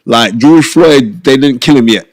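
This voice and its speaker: A middle-aged man, telling stories as an interview guest in an animated, emphatic way and repeating phrases for stress. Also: medium pitch, a little slow, dry recording, clean studio sound. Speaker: guest, boxing pundit and former TV host. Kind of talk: casual interview storytelling.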